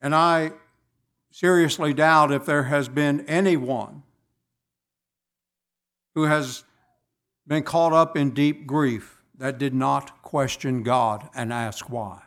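Slow, deliberate male preacher. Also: on the high side, fairly even intonation, a bit bright. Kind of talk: sermon.

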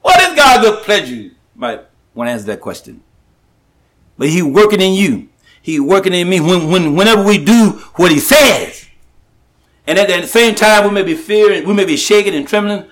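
A man preaching a sermon, emphatic and repetitive, slowing down to stress the scripture he quotes, with halting restarts. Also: high-pitched, expressive. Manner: slows and rises to stress scripture.

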